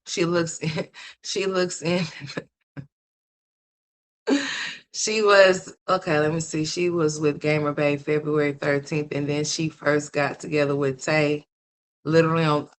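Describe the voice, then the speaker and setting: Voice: medium pitch, fairly bright tone. A commentator delivering unscripted gossip commentary in a blunt, profane, scolding way, rambling and repeating phrases for emphasis.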